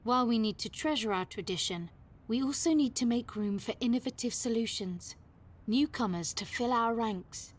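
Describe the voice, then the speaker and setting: A woman's voice: a little high, normal speed, close to an everyday voice. A woman voicing an old male winemaker who reads out a solemn farewell letter in a game. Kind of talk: game voice-over narration.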